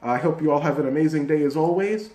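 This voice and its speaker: A man talking through a casual video review in a chatty, rambling way, with fillers and restarts. His voice sits a little high but sounds mellow and soft-edged. The recording picks up a noticeable room echo. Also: fast. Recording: echoey room.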